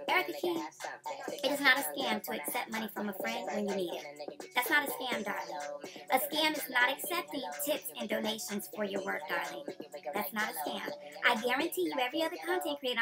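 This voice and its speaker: A woman content creator in a blunt, outspoken livestream rant, swearing freely and repeating her points. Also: sits high.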